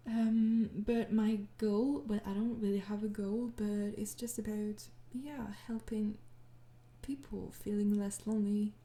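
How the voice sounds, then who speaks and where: A tired young woman answering viewer questions in a casual chat, soft-spoken and hesitant, with many pauses and shy laughs. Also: mid-range voice, little pitch movement, echoey room.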